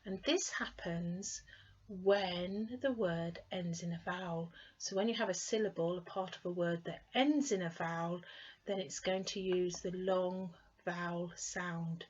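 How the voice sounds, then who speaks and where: A woman with a British accent teaching an English pronunciation lesson. She stretches out each model word clearly and patiently repeats words for the learner to copy. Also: lowish voice, fairly even intonation, measured pace, highs cut off.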